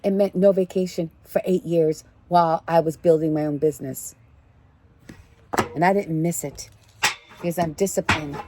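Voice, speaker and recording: A woman's voice: lowish voice, darkish tone, a little hiss or hum. A woman giving a casual spiritual card reading in a preachy, emphatic way, repeating her key phrases. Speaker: tarot card reader.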